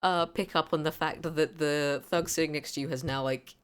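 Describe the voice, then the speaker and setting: Low-voiced woman running a tabletop game. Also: steady tone, normal speed, clear, resonant tone. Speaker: game master.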